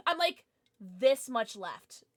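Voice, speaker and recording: A bubbly young woman chatting on a livestream from her home setup into a desk mic. Her voice sits a little high and swoops all over as she jokes, squeals, and gasps at new followers. The banter sounds playful and slightly tipsy. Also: sing-song, drawn-out words, no echo, clean studio sound. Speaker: streamer. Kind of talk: casual livestream chat with viewers.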